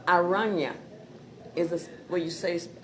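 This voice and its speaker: A woman chatting casually as she pitches her Spanish dictionary, repeating words and laughing at her own jokes. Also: steady tone, moderate pace, fairly bright tone. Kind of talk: casual sales chat with jokes. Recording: crowd noise behind.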